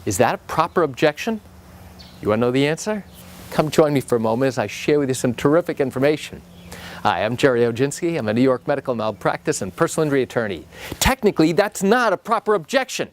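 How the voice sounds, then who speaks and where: A man's voice: animated, fast talker, slight background noise. A man who works as an attorney, explaining trial procedure in an emphatic, conversational way and acting out quoted remarks. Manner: emphatic, acts out quotes with raised pitch. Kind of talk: explanatory legal video talk.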